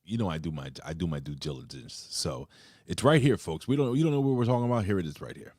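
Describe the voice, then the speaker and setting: A man's voice: low voice, lively intonation, fast talker, darkish tone, dry recording, clean studio sound. A man co-hosting a casual wrestling review show, rambling and cursing freely with lots of fillers. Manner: loose, profane, rambling with frequent fillers. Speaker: podcast co-host.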